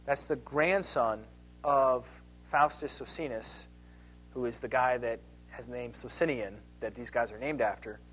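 A man with a somewhat high voice gives a history lecture with slides. He keeps it conversational, tossing rhetorical questions at his listeners and often stumbling and restarting his phrases. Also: a bit bright.

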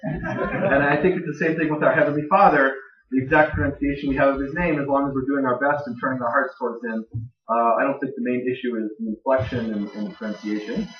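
A man's voice: medium pitch, steady tone, fast talker. Man teaching scripture in an echoey room. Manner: plain-spoken with dry jokes. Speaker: Bible teacher speaking to a gathering. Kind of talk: conversational Bible teaching. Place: room with a live audience. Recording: dull, echoey room recording from far off.

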